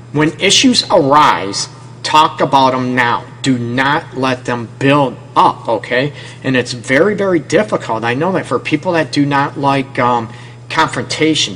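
A man's voice: medium pitch, fairly bright tone, a little hiss or hum, poor audio. A man hosting a relationship advice radio show, talking earnestly and often checking in with "okay?". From Detroit area. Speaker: radio show host and counselor.

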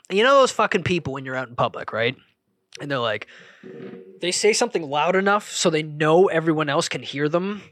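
Podcast host, male, casual rambling monologue, heavy profanity, raised pitch, dry booth sound. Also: pushed and bright, dry recording. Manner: rambling, profane, self-interrupting.

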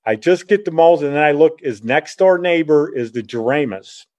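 A middle-aged man telling a childhood story in a rambling, animated way, often correcting himself partway through. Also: on the high side, normal speed. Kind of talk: casual spoken reminiscence.

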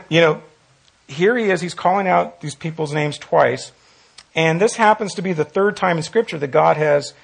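A man's voice: fairly high pitch, vocal fry, breathy edge. A man teaching a Bible study, earnest, repeating phrases for emphasis and reading scripture aloud. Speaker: pastor leading Bible study.

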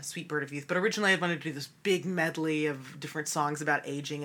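A woman with a low, slightly bright voice, a musical theatre actress and cabaret creator, chats casually in an interview, laughing often and using many fillers.

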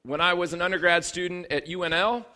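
A man's voice: high voice, fairly even intonation, fast, sharp tone. A man in his thirties, a pastor preaching a sermon in a conversational, humorous way, building to emphatic bursts.

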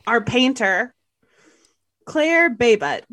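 A woman's voice: on the high side, expressive, very slow, fairly bright tone. A woman co-hosting a movie podcast in casual chat, playful and giggly as she reads out names. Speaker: podcast co-host.

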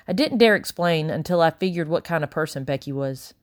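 A woman narrating a novel in the first person, steady and measured. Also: low voice, dry recording, studio quality. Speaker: audiobook narrator.

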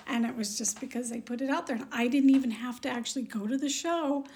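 Animated woman telling a story. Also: fast talker. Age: adult with children. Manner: animated, acts out quoted dialogue in a higher voice. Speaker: podcast co-host. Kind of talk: casual storytelling chat.

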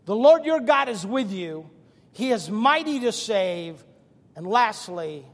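An older man preaching in a high, bright register, with lively storytelling and a touch of self-mockery. He speaks directly to the congregation. His voice rings out into a large church hall with a long reverb tail. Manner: animated storytelling with self-deprecating humor. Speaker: pastor. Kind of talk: sermon.

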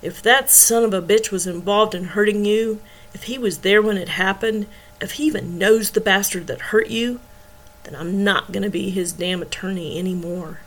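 A woman's voice: mid-range voice, steady tone, normal speed, natural voice, poor audio. A woman doing a fiercely protective attorney who is barely controlling her fury. Her voice stays tight and restrained. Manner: restrained rage.

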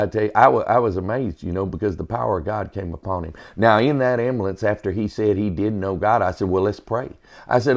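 Gravelly man telling a faith story. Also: on the low side. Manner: earnest storytelling, quotes himself and others, preacherly emphasis. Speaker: podcast host, former EMT. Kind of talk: personal faith testimony.

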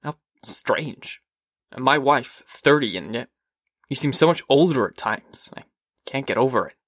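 A guarded fireman gives short, hesitant answers, read by a male narrator close to his own voice. The delivery is low-key and plain, with a dry, close sound. He comes across as uneasy and holding back. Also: lively intonation, unhurried, a bit bright, no room sound. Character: guarded grown man fireman, unsettled and terse. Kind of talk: audiobook character voice.

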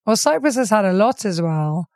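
A woman's voice: medium pitch, very animated, normal speed, darkish tone, dry recording, studio quality. A woman hosting a casual interview, encouraging her guest and reading out questions. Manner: friendly, encouraging, prompting the guest. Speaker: podcast host.

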